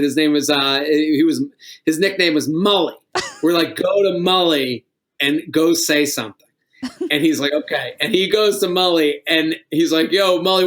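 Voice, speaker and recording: A man's voice: high voice, a bit bright, a little hiss or hum. A middle-aged man, a comedian guest on a podcast, telling rambling stories with frequent laughs and swearing. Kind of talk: casual podcast storytelling.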